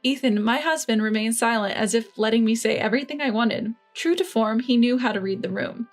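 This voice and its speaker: A woman reading a first-person revenge story in an even, measured way. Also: fairly high pitch, faint music behind. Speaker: narrator.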